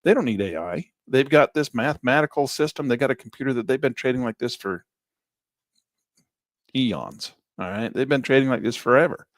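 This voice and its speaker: A man running a live online trading class, chatty and animated, jumping between topics. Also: mid-range voice, a little fast, no room sound, clean studio sound. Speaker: trading instructor.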